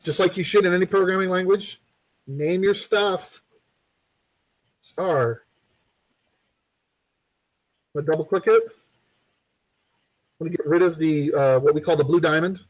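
A man's voice: fairly high pitch, moderate pace, pauses often, rough recording. A man giving a casual live-streamed game development tutorial, rambling and chatty with plenty of fillers and joking asides.

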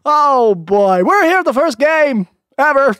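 A man co-hosting a let's play, excitedly commentating and yelling at the game. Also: very high-pitched, slow, no echo, studio quality. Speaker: co-host.

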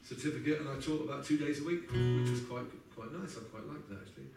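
A man's voice: medium pitch, fast, recorded from a distance. A man in his sixties telling wry, chatty stories on stage between songs and laughing at his own tales. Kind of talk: anecdotal storytelling between songs. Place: live music venue. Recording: echoey live venue recorded from afar, guitar in the mix.

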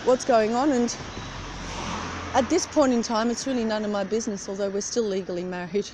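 A woman's voice: fairly high pitch, steady tone, brisk. A middle-aged woman chatting casually while she walks outdoors in the cold, rambling from one thought to the next as she films on her phone. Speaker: vlogger. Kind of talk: casual chat. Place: outdoors on a street at early morning. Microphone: phone camera held while walking. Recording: street traffic noise behind.

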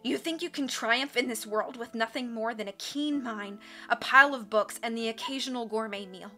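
Woman doing a wheezy, rough-voiced dying villain. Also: a little high, moderate pace, pushed and bright, soft background music. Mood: snarling, bitter. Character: wheezing dying villainous man, bitter and theatrical.

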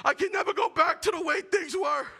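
A haunted pair of sweatpants cries out like a shell-shocked war veteran, as a comedian acts it out. The voice jumps well above the man's normal register and is shouted in raw anguish. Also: extremely high pitch, fairly quick, vocal fry, pitched above the performer's own voice, full character voice.

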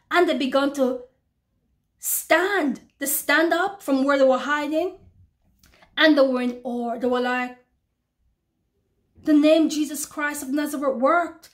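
A woman preacher giving a fervent testimony sermon, repeating phrases and calling out to her listeners. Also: sits high. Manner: fervent, repeats phrases, addresses brothers and sisters.

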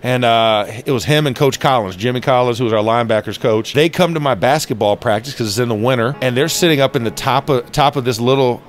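This former football player gives a storytelling interview inside a stadium, talking fast with few pauses as faint music plays behind him. His voice is medium-pitched, and he acts out quotes loudly and animatedly.

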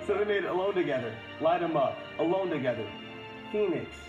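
A man's voice: a little high, animated, a little fast. Drunk man rambling through a story. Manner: rambling and profane. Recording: roomy, dull playback with music.

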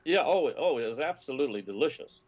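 A man's voice: mid-range voice, fast. A man being interviewed as a food writer, telling stories at length with lots of fillers and restarts. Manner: animated storytelling with many fillers and restarts. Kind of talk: interview conversation. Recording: dull lo-fi audio.

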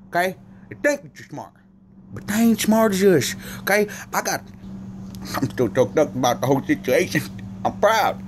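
A man's voice: high-pitched, slight background noise. A man delivering a rambling, profane comedic rant, repeating himself as he goes. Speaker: comedic vlogger.

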